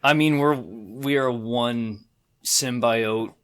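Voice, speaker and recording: A man's voice: mid-range voice, slow. A man co-hosting a casual podcast chat with friends, telling stories and laughing often. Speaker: podcast co-host.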